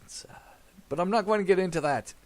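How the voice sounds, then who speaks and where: A man's voice: high-pitched, fast. A man casually commentating his farming game, rambling with many fillers and laughs. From America. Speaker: gaming channel host.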